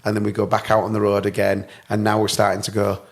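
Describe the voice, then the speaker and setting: A man's voice: lowish voice, completely flat delivery, quick pace, gravelly. A man in a casual podcast chat, telling tour stories and often laughing. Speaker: musician guest.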